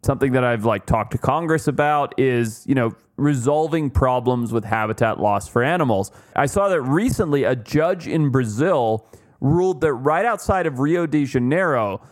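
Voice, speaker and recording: A man's voice: medium pitch, moderate pace. A man co-hosting a podcast, telling stories in a loose, chatty way with plenty of fillers. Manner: chatty storyteller with many fillers. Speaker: podcast co-host. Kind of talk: casual chat.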